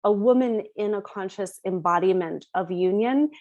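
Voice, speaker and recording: A woman's voice: mid-range voice, moderate pace, darkish tone, lo-fi sound. Reflective woman searching for words. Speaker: roundtable participant. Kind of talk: casual group discussion.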